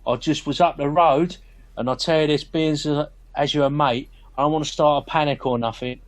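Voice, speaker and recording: A man's voice: a little high, fairly even intonation, brisk, lightly acted. A man voicing a streetwise man in a tabletop role-play, chummy and conspiratorial. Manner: chummy, conspiratorial, keeps saying mate. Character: streetwise burly man, chatty Cockney geezer.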